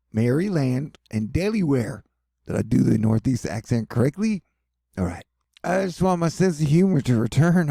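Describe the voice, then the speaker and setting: A weather news host talks casually over maps, rambling through the update and dropping wry, self-mocking jokes. His mid-range voice is dark, mellow, and gravelly-husky, recorded dry and close with no room sound.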